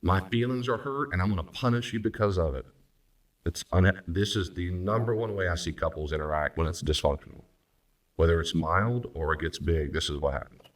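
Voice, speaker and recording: A man, a pastor and counselor, teaching on marriage and acting out spouses' lines in quick voices. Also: sits low, recorded from a distance. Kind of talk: recorded teaching talk on marriage.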